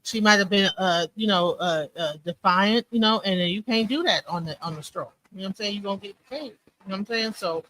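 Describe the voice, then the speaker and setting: A woman's voice: mid-range voice, fast, hardly any pauses, a bit bright, a little hiss or hum, rough recording. A woman co-hosting a live commentary stream, talking casually and rambling, often checking in with "you know what I'm saying.".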